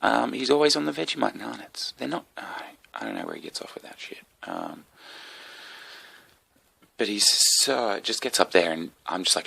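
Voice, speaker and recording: A man's voice: fairly low pitch, sing-song, normal speed, vocal fry, bright, forceful tone, husky, dry recording. An Australian man with a sick, coughing voice, hosting a rambling solo comedy podcast full of swearing and asides.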